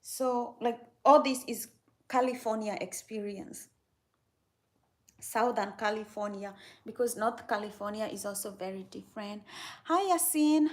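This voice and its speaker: Slow-talking, chatty woman livestreamer. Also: mid-range voice. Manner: chatty, laughs easily, talks to viewers. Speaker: livestream host. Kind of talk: casual livestream chat.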